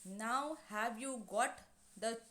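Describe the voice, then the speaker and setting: A woman's voice: a little high, a bit bright, a little hiss or hum. Woman teacher in an echoey room. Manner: explains slowly with many fillers and restatements. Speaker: English teacher. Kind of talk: explaining a play to a class.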